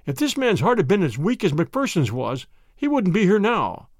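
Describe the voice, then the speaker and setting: A man's voice: high voice, wildly swooping pitch, moderate pace, no room sound, clean studio sound, exaggerated voice. A man voicing a distraught middle-aged schoolmaster who pleads urgently in a storybook.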